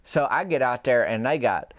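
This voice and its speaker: A man telling a rambling comic story in a slow, folksy, deadpan way. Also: medium pitch, no echo. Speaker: comedian storyteller.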